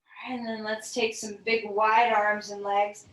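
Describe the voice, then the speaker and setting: A woman leading a guided yoga class, giving calm, gentle, encouraging cues. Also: mid-range voice, a little slow. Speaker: yoga teacher. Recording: echoey room, voice from a distance.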